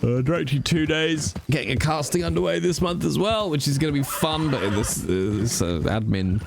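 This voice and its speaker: A man's voice: on the high side, animated, brisk, creaky, background noise. A man streaming a role-play game, chatting casually with his viewers and swearing now and then. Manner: chatty, reads chat aloud, swears casually.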